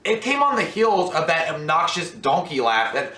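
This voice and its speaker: A high-voiced man in his thirties, excitable and crude, co-hosting a casual film review. His bright, sharp tone rings out in an echoey room. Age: 30s. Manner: excitable, crude, fast bursts. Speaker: movie reviewer, co-host.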